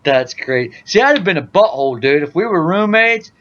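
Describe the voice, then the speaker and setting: A man's voice: high voice, animated, normal speed, lo-fi sound. A man hosting a casual podcast, telling joking stories and saying "dude" a lot. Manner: loud joking storyteller, says "dude" a lot. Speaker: podcast host. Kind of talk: casual gaming podcast chat.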